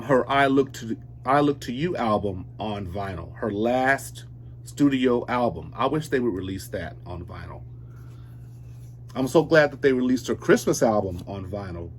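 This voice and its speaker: A man in his forties chats his way through unboxing records. He speaks at an unhurried, slow pace and drifts between thoughts, often stopping to correct himself. A faint hum sits under his voice. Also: mid-range voice. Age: 40s. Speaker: vinyl collector vlogger. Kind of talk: casual unboxing chat.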